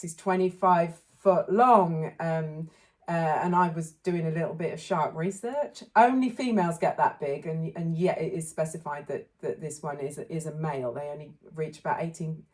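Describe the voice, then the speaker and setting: A woman co-hosting a casual film podcast, talking thoughtfully and often pausing to search for words. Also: low voice. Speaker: podcast co-host.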